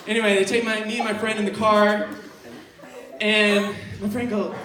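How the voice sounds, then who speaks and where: A man's voice: high voice, little pitch movement, normal speed, over a noisy crowd. A young man performing stand-up comedy, telling a story and acting out the other people's voices. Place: college comedy venue with audience. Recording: roomy distant live recording, noisy. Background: audience laughter.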